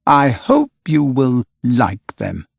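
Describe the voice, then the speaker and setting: A man's voice: a little high, lively intonation, normal speed, husky, no room sound, clean studio sound, pitched above the performer's own voice. A man voicing a proud, cocky boy who talks brashly and defiantly, in a storybook reading. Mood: dark. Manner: brash and defiant, bright and boyish.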